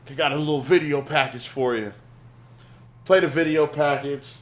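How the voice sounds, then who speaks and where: A man's voice: a little high, normal speed, slight background noise. A man co-hosting a wrestling review podcast, chatting casually and laughing often. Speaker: podcast co-host.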